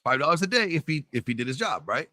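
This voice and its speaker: A man telling a story in casual chat, loudly acting out the voices in it. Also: fairly high pitch, fast, slight background noise. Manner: animated storyteller, acts out quotes loudly. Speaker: podcast co-host telling a story.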